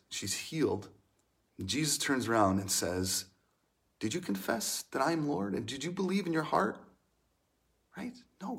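A young adult man, a pastor, preaching a sermon in an earnest, emotional way, dropping to hushed lines and rising in bursts. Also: on the high side.

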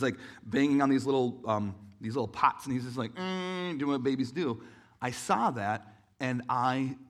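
A man's voice: a little high, fairly bright tone. A man in his thirties telling a personal story in an earnest, emotional sermon, with many restarts and fillers.

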